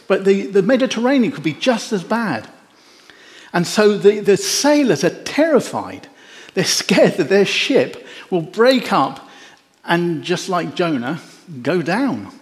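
A man preaching a sermon, telling the story in an animated way with wry jokes. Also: high voice. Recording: echoey hall.

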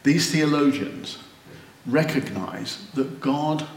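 A man preaching a sermon, slow and earnest, rising to wondering exclamations. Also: on the high side. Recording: roomy echo.

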